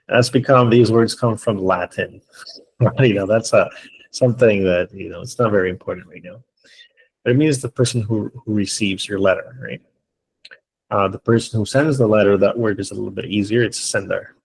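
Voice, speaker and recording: Over a video call on a computer mic, a man teaches an online English class, patiently walking through each step and often checking in with students. His lowish voice is husky with vocal fry, he speaks at a normal speed with long pauses, and the audio is poor.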